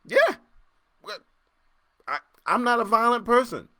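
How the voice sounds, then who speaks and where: Guy running his own podcast, joking and laughing a lot, goes loud then mutters, dry close sound. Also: a little slow, no echo. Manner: animated, joking, laughs often, repeats himself; swings between loud excited bursts and low muttering. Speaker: podcast host. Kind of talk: casual solo podcast chat reading comments.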